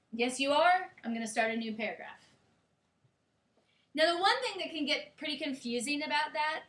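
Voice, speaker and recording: Woman teacher lecturing a class; high, bright voice in a roomy, echoing classroom. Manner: explanatory, checks in with students. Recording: echoey classroom.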